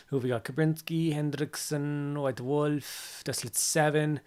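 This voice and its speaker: A man's voice: on the high side, unhurried, few pauses, a little mellow. A man hosting a casual livestream, chatting with viewers while he builds models and greeting them with repeated hellos. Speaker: livestream host.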